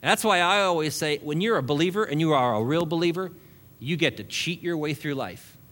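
A man's voice: on the high side, fairly quick, fairly bright tone. A male pastor preaching a sermon to a congregation, building long repeated lists and chuckling often between points.

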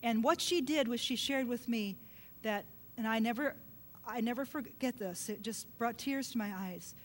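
Middle-aged woman preacher; earnest storytelling sermon, quiet hushed turns, long hall reverb with a low hum. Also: normal speed. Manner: earnest, drops to a soft hush at emotional points.

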